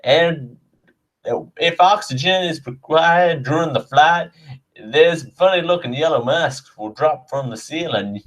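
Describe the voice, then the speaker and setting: A man's voice: on the high side, fairly bright tone, far from the mic, voice pushed up. A man doing a drawling Southern air hostess. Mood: chirpy. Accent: put-on Southern US drawl. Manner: sing-song, drawn-out safety spiel.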